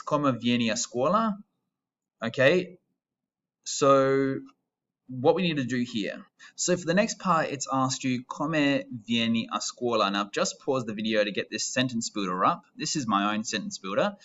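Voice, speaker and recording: A man's voice: medium pitch, fairly bright tone, muffled recording. A young Australian man in his twenties, a teacher who explains an Italian lesson step by step in a patient, chatty way. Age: 20s. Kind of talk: recorded classroom lesson.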